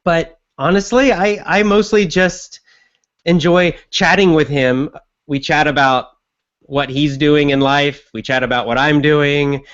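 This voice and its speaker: Male podcast teacher, slightly high pitch, easygoing and repetitive, recorded on dull muffled audio. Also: unhurried. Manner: relaxed, repetitive coaching tone. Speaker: English teacher and podcast host. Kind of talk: conversational lesson monologue.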